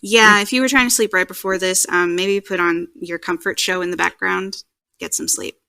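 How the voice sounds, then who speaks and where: A young adult woman co-hosting a podcast, chatting casually, giggly and quick to quote people. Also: on the low side, vocal fry, smooth, dry recording. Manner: giggly, animated, quotes people in put-on voices. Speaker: podcast co-host. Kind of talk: casual chat.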